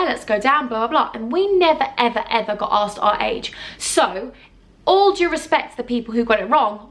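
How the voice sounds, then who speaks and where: Young girl doing a chatty storytime vlog, kinda high voice, goes squeaky when she quotes herself. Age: young adult. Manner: chatty, giggly, jumps between loud put-on quotes and asides. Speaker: YouTuber.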